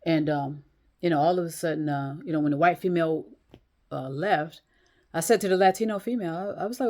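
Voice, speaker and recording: Woman, slightly low voice, casual vlog monologue, rambling, restarts, blunt and profane, at home in a chair. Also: brisk, darkish tone. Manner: rambling, many restarts and fillers; blunt, swears freely. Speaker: vlogger. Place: small room at home, in a chair.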